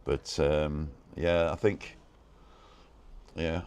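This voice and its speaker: A man hosting a casual live stream from a balcony, talking fast and reading out viewers' comments and names. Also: a bass voice, flat delivery, a little mellow, clear, resonant tone. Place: balcony outdoors.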